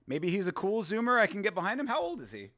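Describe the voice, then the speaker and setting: A man in his thirties hosting a casual watch-along, excitable, slangy and laughing often. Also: high voice, fast talker. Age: 30s. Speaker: host.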